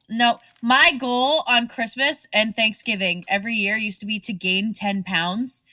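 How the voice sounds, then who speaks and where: A woman's voice: fairly high pitch, sharp tone, dry recording, far from the mic. A woman co-hosting a podcast in casual chat, joking and blunt, swearing freely. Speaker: podcast co-host.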